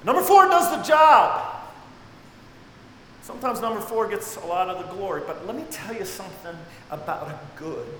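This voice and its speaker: A man preaching a sermon, swinging dramatically between near-shouts and hushed, low passages. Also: expressive, normal speed. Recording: echoey hall with faint noise.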